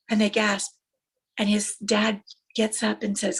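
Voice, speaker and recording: A woman's voice: medium pitch, normal speed, vocal fry, slightly rough. A woman motivational speaker telling uplifting stories, emphatic and repetitive for effect. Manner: animated, emphatic, repeats phrases for effect. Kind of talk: motivational storytelling.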